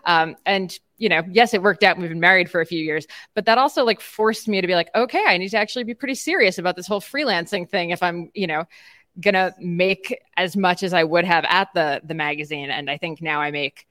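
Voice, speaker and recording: A woman's voice: fairly low pitch, brisk, a bit bright, no echo, clean studio sound. A woman hosting an interview in casual chat, conversational and self-deprecating, with frequent "like" and "um". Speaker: host.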